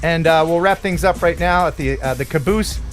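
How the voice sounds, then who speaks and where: A man's voice: a little high, a little fast, faint music behind. A man hosting a live stream, joking casually and reading out donations with an upbeat lift. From USA. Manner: jokey, chatty, reads names with upbeat lift. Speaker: livestream host.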